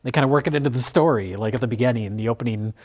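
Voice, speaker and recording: A man's voice: mid-range voice, very fast, darkish tone. Guy rambling about movies w lots of ums and restarts, casual review chat. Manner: rambling, many fillers and restarts, laughs easily. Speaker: film review show host.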